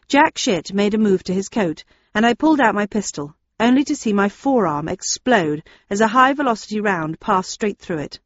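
A woman reading a novel aloud in the first person, with measured, steady storytelling. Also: mid-range voice, no echo, lo-fi sound. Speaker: audiobook narrator. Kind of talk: first-person audiobook narration.

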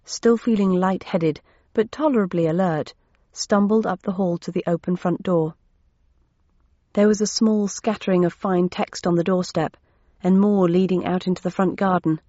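A woman narrating a first-person novel in a steady, measured way. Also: on the low side, no room sound. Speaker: audiobook narrator. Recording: dull, dry lo-fi recording.

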